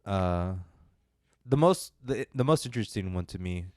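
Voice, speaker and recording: A young man with a lowish, smooth, clean voice, chatting about films on a podcast. He rambles, drops in fillers and self-deprecating jokes, and sounds close and dry on the mic. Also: lively intonation, moderate pace, dry recording. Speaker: podcast co-host reviewing films. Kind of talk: casual podcast chat.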